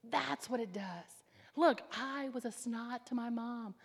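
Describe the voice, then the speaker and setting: A woman preaching a sermon with fervor, swinging between loud declarations and hushed whispers. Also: on the high side, slow pace, husky. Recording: long hall reverb.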